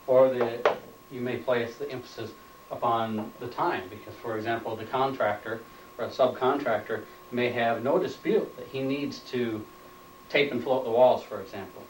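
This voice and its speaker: A man's voice: mid-range voice, steady tone, normal speed, a little hiss or hum. A man giving a training lecture, plainly stating points and repeating them as questions, recorded indoors on a camera mic from a distance. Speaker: instructor. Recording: roomy, off-mic room sound.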